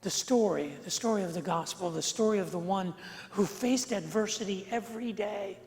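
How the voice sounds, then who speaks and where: A male pastor preaching an earnest sermon, slowing and swelling on key phrases and repeating words for emphasis. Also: high voice, darkish tone. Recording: long church reverb.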